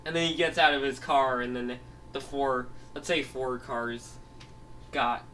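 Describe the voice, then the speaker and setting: A man's voice: medium pitch, fairly even intonation, a little slow, sharp tone. A man telling a made-up story in a rambling way, full of restarts and laughs. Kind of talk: improvised storytelling. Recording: voice heard from a distance, faint noise.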